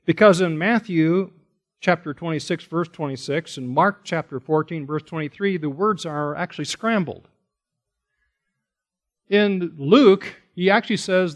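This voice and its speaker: A man's voice: fairly high pitch, a little slow. A pastor teaching a Bible passage in a sermon, stressing key words and asking his listeners rhetorical questions.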